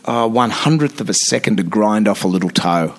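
A man in his fifties with an Australian accent, a radio host chatting as a guest in a podcast studio, telling animated stories with many restarts. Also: on the low side, brisk. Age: 50s. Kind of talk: casual interview chat.

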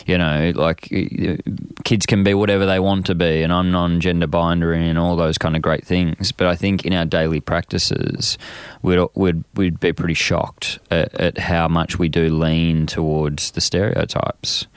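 A man being interviewed, talking in a loose, rambling way with many fillers and restarts, and getting animated when he acts out what others say. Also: low voice, normal speed, clear, resonant tone, no echo. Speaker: guest, men's program founder. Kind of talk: casual conversational interview.

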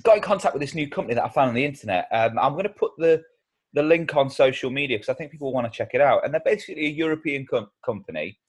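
A man's voice: medium pitch, lively intonation, quick pace, breathy edge. A man co-hosting a casual podcast, full of banter, laughing at his own jokes and tripping over his words as he rambles. His voice sits in a middle register. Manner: jokey, laughs often, rambling with restarts. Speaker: podcast co-host. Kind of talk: casual comedic podcast chat.

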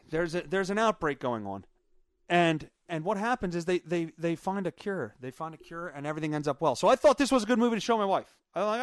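A man hosting his own podcast, telling a long story in a rambling, profane, animated way. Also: medium pitch, dry recording, clean studio sound. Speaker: podcast host. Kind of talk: casual storytelling monologue.

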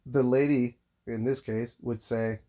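A man's voice: medium pitch, steady tone, unhurried, mellow. A man in his thirties, a father, telling a long casual story, rambling and swearing constantly with lots of filler words.

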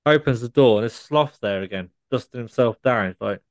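A man's voice: mid-range voice, a little fast, no echo, natural voice. A man voicing a cheesy male car salesman, telling corny dad jokes in punchline rhythm. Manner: corny punchline delivery, stammering gag voice.

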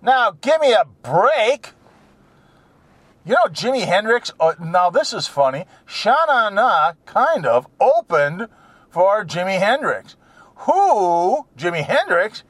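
A man rants in a rambling monologue, swearing freely and slipping into mocking voices of other people. His voice sits fairly high and swings all over the place. Vehicle sounds can be heard behind him. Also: sing-song, slow pace, fairly bright tone, no echo. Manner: ranting, profane, mocks people in put-on voices.

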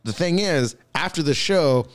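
A man's voice: fairly high pitch, animated, a little slow. A man telling rowdy stories in a casual podcast chat, swearing and laughing as he goes. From Southern California.

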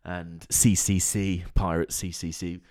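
A man in his thirties with a slightly low voice co-hosts a relaxed podcast chat. He spins anecdotes, laughs often and slips into quick impressions of the people he describes. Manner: chatty storyteller, laughs often, mimics people. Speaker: podcast co-host. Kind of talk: casual chat.

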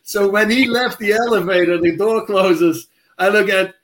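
A man telling a quick story in casual chat, laughing and acting out quoted lines. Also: sits high, a bit bright.

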